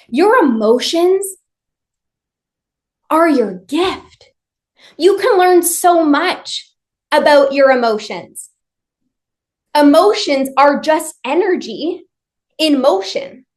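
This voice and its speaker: A woman leading a live online workshop, speaking to her viewers directly with emphatic, repetitive phrasing. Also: high voice.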